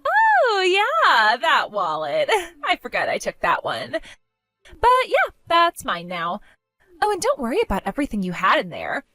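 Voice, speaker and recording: A woman's voice: sits high, wildly swooping pitch, a little slow, pushed and bright, no room sound, soft background music, exaggerated voice. A woman voicing a spoiled, bratty young woman who taunts her older sister in a mocking, sing-song way. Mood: gloating. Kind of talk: animated story voice acting.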